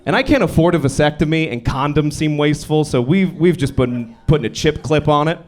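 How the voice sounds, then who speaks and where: A young man performing a stand-up set on a comedy club stage, with a deadpan, self-deprecating delivery. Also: fairly high pitch, a little fast. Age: young adult.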